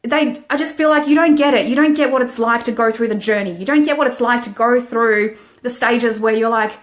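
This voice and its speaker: A woman's voice: on the high side, fairly quick, few pauses. A woman, a life coach, talking frankly and emotionally to viewers in a motivational live-stream monologue.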